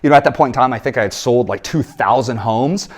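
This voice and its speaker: A man in his thirties, a business coach, telling a sales story in an energetic coaching talk and acting out the people in it. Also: medium pitch, fast talker. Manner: animated storytelling, acts out quoted voices.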